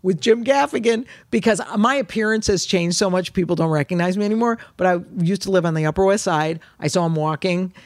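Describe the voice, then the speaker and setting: A woman comedian as a podcast guest, chatting in a brash, expressive way, laughing often and swearing. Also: on the low side, a little fast, hardly any pauses, no room sound, studio quality. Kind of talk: casual chat.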